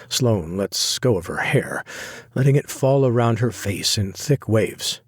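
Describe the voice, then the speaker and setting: A man narrating a first-person romance audiobook in a low-key, wry inner-monologue manner. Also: measured pace, breathy edge, no room sound, clean studio sound.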